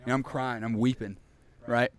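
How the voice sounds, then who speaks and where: Animated young man telling stories. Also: medium pitch, normal speed. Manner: animated storyteller, acts out scenes, laughs often. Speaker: podcast co-host. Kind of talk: casual chat, storytelling.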